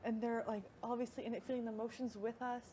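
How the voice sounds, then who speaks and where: A woman chatting casually, animated as she tells stories and acts out what others said, with frequent "like". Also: a little high, fast. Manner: animated storytelling, quotes others, says "like" often. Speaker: reality show houseguest. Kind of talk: casual chat. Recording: live feed with audible background noise.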